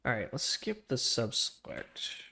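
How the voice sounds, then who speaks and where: Male streamer, mid-pitched, casual slangy chatter, drops into quiet muttering while coding. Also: very animated, unhurried, gravelly. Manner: slangy, with laughs between phrases. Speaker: streamer coding a trading engine. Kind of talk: casual live-coding chat.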